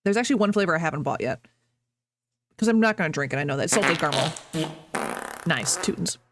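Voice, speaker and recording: A woman's voice: deep voice, lively intonation, fast talker, noisy background. A woman streamer chatting casually with her viewers, rambling, laughing often and breaking off mid-sentence.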